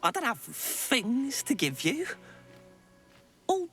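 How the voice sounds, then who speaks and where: A talking bird, game character, cheerful exclaiming, high voice, unhurried, faint game music behind. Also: female voice, wildly swooping pitch, fairly bright tone, exaggerated voice. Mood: apologetic. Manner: exclaiming, slangy and chipper. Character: cheerful bird home in its nest. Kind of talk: video game character dialogue.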